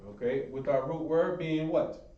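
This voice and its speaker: A man's voice: a little high, unhurried. A man teaching a Hebrew language class, repeating his praise and encouraging students. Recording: echoey room, far mic, muffled.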